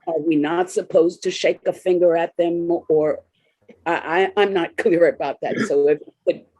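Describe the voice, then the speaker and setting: A woman's voice: on the low side, dark tone, slightly rough, no room sound, low-quality recording. A woman from the audience asking an earnest question in a hesitant way, with many restarts and fillers.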